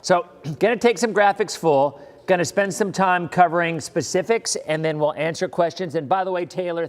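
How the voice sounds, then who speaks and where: A middle-aged man with a fairly high voice gives a live weather broadcast. He sounds reassuring and emphatic, and he repeats his key points. A long reverb trails after his voice. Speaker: TV meteorologist. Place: live stream studio.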